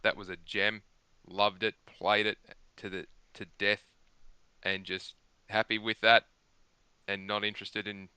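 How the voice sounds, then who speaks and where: A man's voice: fairly low pitch, pushed and bright, smooth, dry recording. A man talking at length on a gaming podcast, rambling and emphatic, restarting his sentences often. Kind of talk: casual chat.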